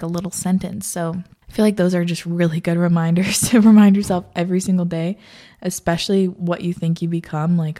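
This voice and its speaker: A woman's voice: lowish voice, mellow. A woman vlogger talking in a rambling, candid casual chat, full of fillers and swearing.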